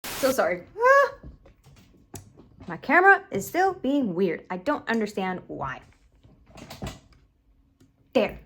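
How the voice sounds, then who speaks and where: A woman's voice: mid-range voice, sing-song, a little slow, long pauses, a bit bright, a little hiss or hum. A young woman from Puerto Rico giving emphatic, casual reaction commentary at home, swearing freely into a camera on a stand. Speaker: reaction video host.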